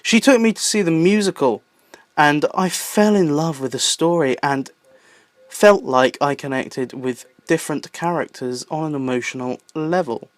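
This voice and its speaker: Excitable young Southern English man. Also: fairly high pitch, normal speed, dry recording. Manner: playful, excitable asides. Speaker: YouTube host. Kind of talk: enthusiastic list-video narration.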